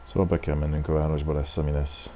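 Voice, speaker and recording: A man's voice: rumbling low, monotone, fast talker, dark tone, slight background noise. A man commentating a horror game playthrough in a chatty, sarcastic way. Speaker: gameplay commentator. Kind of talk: let's play commentary.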